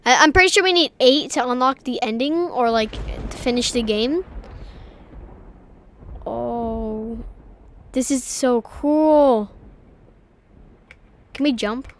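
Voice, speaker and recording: A young woman commentating a horror game as she plays, excitable and easily scared, shrieking at frights and dropping to whispers. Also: fairly high pitch, slow, pauses often, a little hiss or hum. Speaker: gaming video creator. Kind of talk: let's play commentary.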